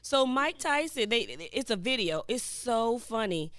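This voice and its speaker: A woman's voice: fairly high pitch, lively intonation, unhurried, fairly bright tone, no room sound. A woman co-hosting a morning radio show, telling stories in a playful, chatty way. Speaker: radio producer and co-host.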